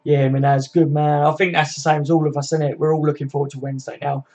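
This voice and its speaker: A man's voice: a little high, level tone, fast talker, darkish tone. A man hosting a casual live football chat, reading and answering viewer comments by name, swearing freely and laughing often. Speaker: livestream host.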